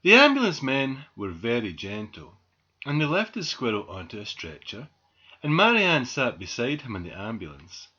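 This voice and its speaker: Man, children's story reader, expressive, bright tone, muffled lo-fi recording. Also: medium pitch, moderate pace, slightly rough. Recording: dull lo-fi recording.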